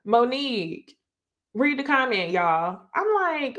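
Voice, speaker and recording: A woman hosts a live recap of a reality show and chats freely with her viewers. Her delivery is animated and full of slang, and she talks straight to the audience. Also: mid-range voice, normal speed. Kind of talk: casual live recap commentary.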